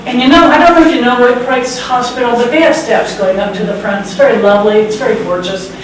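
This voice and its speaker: Her voice sits on the high side, quick and fairly even in intonation, as the sixty-something American woman recounts a true story before a live audience. She pokes fun at herself with dry sarcasm, and a far-off mic catches heavy hall echo and background noise.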